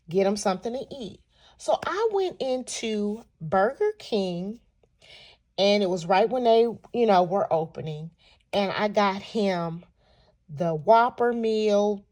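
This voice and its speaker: A woman vlogger from California telling a personal story in an animated, chatty way. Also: mid-range voice. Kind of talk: storytelling vlog.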